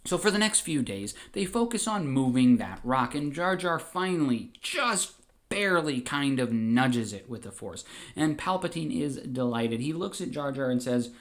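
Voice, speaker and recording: A man narrating a comedic audio story in a brisk, deadpan way. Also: mid-range voice.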